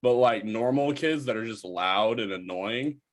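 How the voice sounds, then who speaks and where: A man's voice: on the low side, a little slow. A young man co-hosting a casual podcast, bantering bluntly and swearing. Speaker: podcast co-host.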